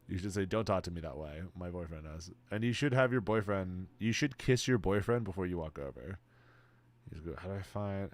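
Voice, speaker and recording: A young man streaming live, reading and answering chat in an excitable, casual way, swearing freely and calling everyone "bro". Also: low voice.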